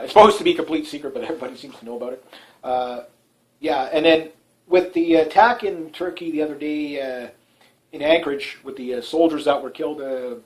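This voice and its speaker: Rambling man with a higher voice. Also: poor audio. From Canada. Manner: rambling, many fillers and restarts, frequent chuckles. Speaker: talk show host. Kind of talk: casual political commentary monologue.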